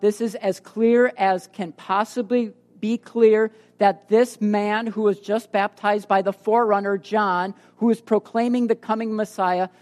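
A woman's voice: mid-range voice, darkish tone. A woman preaching a sermon, emphatic, swinging between raised and dropped delivery for emphasis. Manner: emphatic, rises and drops for emphasis. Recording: reverberant hall.

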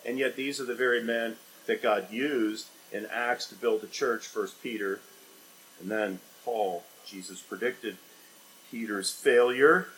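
A man preaching a sermon as a pastor, asking rhetorical questions and swinging between loud emphatic lines and quiet, low ones. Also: fairly even intonation, a little slow, a little hiss or hum, poor audio. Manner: dynamic preaching with sharp swings in loudness and pitch, rhetorical questions.

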